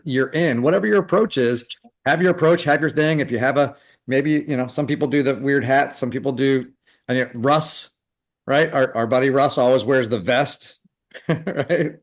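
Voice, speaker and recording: A man giving recruiting advice in a live webinar, talking loosely with lots of fillers and restarts. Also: mid-range voice. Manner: loose, rambling talk full of fillers and restarts. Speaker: recruiting coach. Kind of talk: live webinar coaching session.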